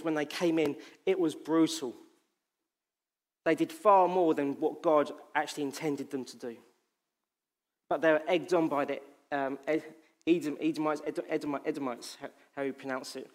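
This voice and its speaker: A man's voice: a little high, fairly even intonation, moderate pace. A man preaching a sermon in an impassioned, emphatic way, repeating phrases for weight.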